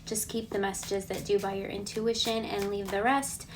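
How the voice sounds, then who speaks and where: A woman giving a casual collective tarot reading, relaxed and reassuring. She thinks aloud and often checks in with a questioning "okay?". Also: medium pitch, normal speed. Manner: chatty, ends points with a questioning "okay?". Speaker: tarot card reader.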